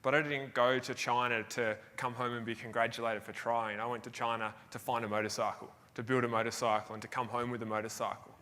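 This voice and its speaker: A man's voice: mid-range voice, little pitch movement, quick pace, few pauses, sharp tone. A young Australian man from Tasmania telling a self-deprecating story in a motivational stage talk. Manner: anecdotal, self-deprecating, laughs between phrases. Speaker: keynote speaker. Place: large hall on stage. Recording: live hall with long reverb.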